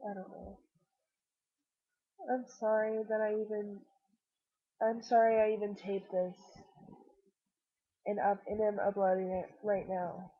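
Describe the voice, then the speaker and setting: A woman's voice: mid-range voice, level tone, a little slow, pauses often, phone-quality sound. Sick woman rambling into a webcam. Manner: rambling, self-deprecating, earnest, speaks straight to the viewer. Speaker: vlogger. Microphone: computer webcam.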